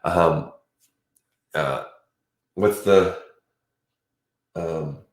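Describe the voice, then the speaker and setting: A man's voice: low-pitched, extremely slow, echoey room. A man hosting a livestream in casual, rambling chat, chatty and self-mocking. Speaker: livestream host.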